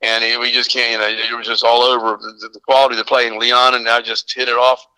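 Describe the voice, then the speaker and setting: A man's voice: medium pitch, level tone, a little fast, sharp tone, smooth, no echo, poor audio. An older man from the American South, a drummer guest telling rambling, enthusiastic stories in casual chat. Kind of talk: casual phone-in storytelling.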